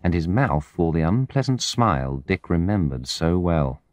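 Man with a really deep voice reading a story, very lively tone, dry close sound. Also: normal speed, no room sound. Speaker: audiobook narrator. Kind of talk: scripted narration of a graded reader.

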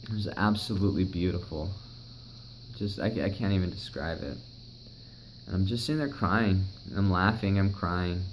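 A man's voice: sits low, moderate pace, a little hiss or hum, low-quality recording. A young man recounting a personal story in a rambling, emotional way, swearing often. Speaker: vlogger.

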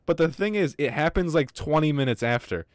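A man's voice: on the high side, lively intonation, brisk, no echo, studio quality. A man streaming a game live, chatting casually with viewers in a rambling, joking way and swearing freely, with some wheezy breathing. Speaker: gaming streamer. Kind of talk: casual livestream chat.

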